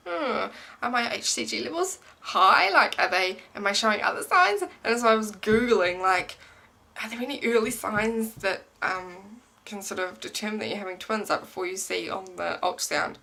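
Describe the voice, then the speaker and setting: A woman's voice: mid-range voice, normal speed, creaky, bright, forceful tone. A young woman talking casually to camera about her pregnancy, rambling with many "um"s and "like"s. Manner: rambling, many ums and likes. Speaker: pregnancy vlogger. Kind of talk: casual pregnancy update vlog.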